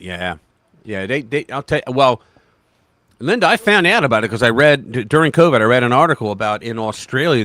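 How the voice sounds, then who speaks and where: With a casual, emphatic style, a U.S. political livestream host keeps interrupting and restarting himself, throwing in quoted voices along the way. His pitch jumps around as his energy builds. The audio is dry, close-miked, and free of echo.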